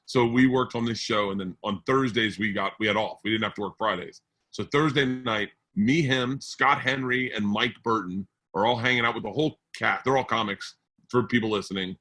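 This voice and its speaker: A man co-hosting a podcast, telling comedy stories in a rambling, animated, profane way. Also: lowish voice, normal speed. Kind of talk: casual storytelling chat.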